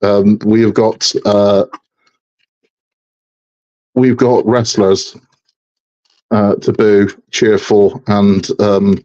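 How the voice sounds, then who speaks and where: Joking low-voiced man, lo-fi. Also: little pitch movement, extremely slow, pauses often, darkish tone. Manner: joking, rambling, laughs often. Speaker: host of a live model build stream. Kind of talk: casual live-stream chat while building.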